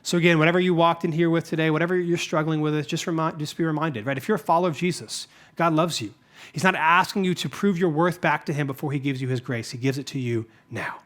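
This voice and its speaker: Emphatic high-voiced male pastor preaching. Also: quick pace. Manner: emphatic, rising on scripture and questions, dropping softly at phrase ends. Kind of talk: sermon.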